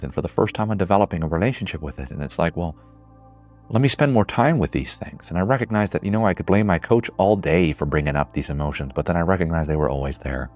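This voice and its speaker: A man's voice: very deep voice, darkish tone. A man in his twenties giving an earnest, reflective monologue, swearing casually at times. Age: 20s. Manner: earnest, builds to emotional intensity. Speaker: speaker.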